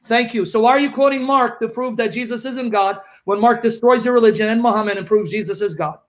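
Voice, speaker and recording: A man's voice: very high-pitched, quick pace. A man debating heatedly, accusing his opponent of lying and reading scripture aloud to refute him. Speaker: Christian debater.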